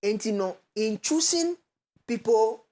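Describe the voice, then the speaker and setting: A woman with a Ghanaian accent, a guest expert on a talk show, explaining step by step in a measured way with hesitant fillers between Twi and English. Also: on the high side, expressive, warm tone.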